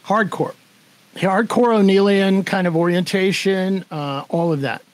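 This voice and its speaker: A man's voice: high voice, steady tone, measured pace, poor audio. An older man, a guest in an interview, telling a story with animation, acting out the voices of the people in it and laughing as he goes. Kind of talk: storytelling in conversation.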